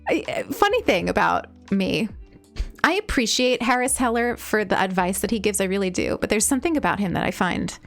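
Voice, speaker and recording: A woman from Eastern Long Island with a Long Island accent, chatting casually on a live stream while gaming, rambling and breaking into excited squeals. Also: medium pitch. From Eastern Long Island, New York. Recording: game music playing faintly behind.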